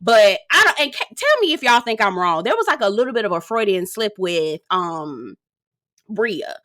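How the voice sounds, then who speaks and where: Sassy, bright-voiced woman recapping reality TV. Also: medium pitch, big pitch swings, moderate pace. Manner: sassy, profane, dramatic asides. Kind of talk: casual recap commentary.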